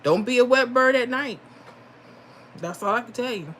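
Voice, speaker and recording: A woman's voice: on the high side, animated, normal speed, fairly bright tone, slight background noise. A middle-aged woman hosts a live stream in a casual, chatty way, reading viewer comments aloud. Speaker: livestream host giving lottery picks. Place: home.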